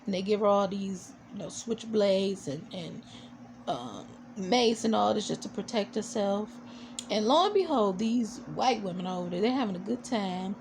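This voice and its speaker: A woman's voice: medium pitch, animated, moderate pace, a little mellow, slight background noise. A woman recapping a TV episode in a casual vlog, chatty and opinionated, with sassy asides and lots of fillers. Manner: chatty, full of "you know" and fillers. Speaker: TV show reviewer.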